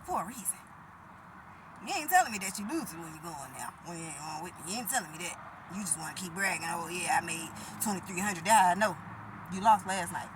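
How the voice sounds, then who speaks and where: A woman's voice: fairly low pitch, animated, quick pace, background noise. A woman, talking bluntly and profanely to the camera in a preachy, emphatic way. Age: 30s.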